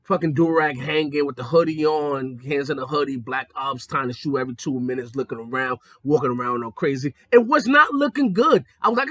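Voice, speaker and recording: A young adult man telling profane stories in a casual monologue, jumping between high excited tones and low mocking ones. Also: brisk, hardly any pauses, no room sound, clean studio sound. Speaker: podcast host.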